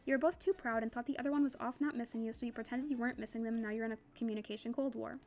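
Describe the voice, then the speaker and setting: A woman's voice: a little high, fairly even intonation, racing, darkish tone, a little hiss or hum, natural voice. A woman reading the lines of a bossy, teasing young female friend in a novel.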